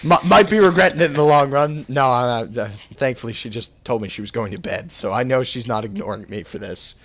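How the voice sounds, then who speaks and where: A man's voice: medium pitch, a little fast. A young man hosting a casual podcast over a voice call, rambling through stories, swearing freely and acting out the voices he quotes. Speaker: podcast host. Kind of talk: casual chat.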